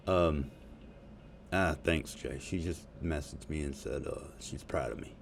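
A man's voice: very deep voice, measured pace, vocal fry, slight background noise. A man rambling profanely and jokingly in a casual monologue to his audience. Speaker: vlogger.

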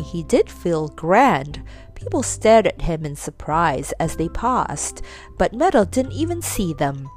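A woman reading a children's story aloud in an expressive, animated way. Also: mid-range voice.

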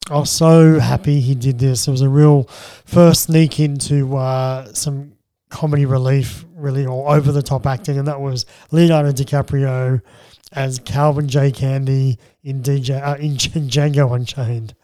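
A man co-hosting a casual film chat, relaxed and bantering. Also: medium pitch, normal speed, few pauses, no room sound. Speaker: podcast co-host.

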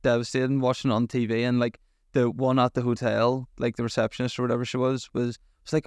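A man's voice: medium pitch, flat delivery, quick pace, few pauses, darkish tone, no echo, clean studio sound. A young man, telling stories in a rambling way with lots of fillers and swearing as a podcast co-host. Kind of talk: casual chat.

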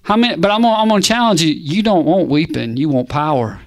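A man preaching a sermon, animated and punchy, firing rhetorical questions and calls back to the congregation. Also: a little high, quick pace.

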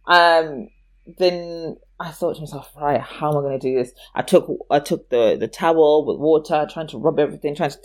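A woman chatting casually, telling a childhood story. She slips into the voices of the people in her tale and often breaks into laughter. Her delivery is lively and expressive. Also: deep voice, moderate pace.

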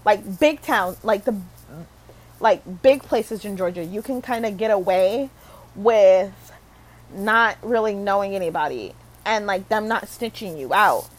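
A woman's voice: medium pitch, unhurried, low-quality recording. A young woman from Michigan rambling casually to camera, full of fillers and self-corrections, swearing and laughing at herself. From Michigan, USA. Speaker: vlogger.

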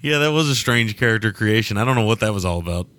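Male podcast co-host, lowish voice, relaxed and agreeable, laughs easily. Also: fast talker. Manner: easygoing, laughs often, agreeable. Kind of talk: casual film-review chat.

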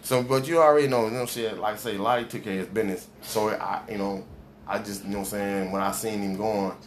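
A man's voice: on the low side, fairly even intonation, a crowd in the background. A man telling a long story in casual chat, heavy on street slang and full of fillers and restarts, acting out what people said. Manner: rambling, heavy street slang, acts out quoted dialogue; halting with many fillers and restarts. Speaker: storyteller in conversation. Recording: echoey room with background noise.

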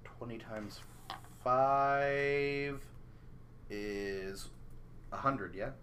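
A man's voice: medium pitch, drawn-out words, fairly bright tone, a little hiss or hum. A man acting as game master in a casual tabletop game, narrating rolls with easy chuckles.

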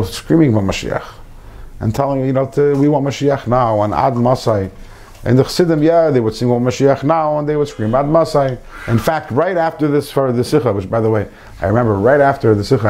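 A man's voice: mid-range voice, a little mellow. A man giving an informal Torah lesson to a small group, earnest, repeating phrases and mixing in Hebrew terms. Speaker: Torah class teacher.

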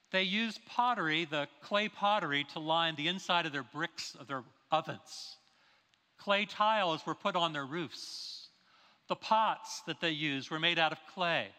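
A male pastor preaches with a high, bright, forceful voice, driving his points home with rhetorical questions. His words ring out through a church sanctuary with a long, lingering reverb. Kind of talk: sermon. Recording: long reverb of a large hall.

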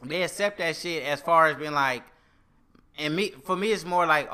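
A man's voice: fairly high pitch, normal speed, sharp tone, clear, resonant tone. A man in his thirties in casual podcast chat, talking bluntly and with swearing. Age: 30s. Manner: blunt, profane, emphatic. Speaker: podcast co-host.

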